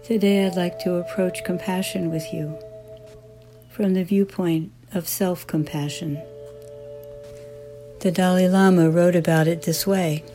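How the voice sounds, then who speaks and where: A woman teacher leading a guided meditation, speaking softly and soothingly. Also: fairly low pitch, steady tone, soft background music. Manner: slow, soft and soothing.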